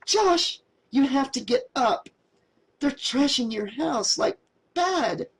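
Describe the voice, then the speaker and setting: A man reading an audiobook, voicing a frightened teenage girl who pleads in high, panicky valley-girl talk full of "like". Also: animated, slow pace, vocal fry, a bit bright, heavily acted. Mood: urgent. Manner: pleading, panicky, says "like" a lot.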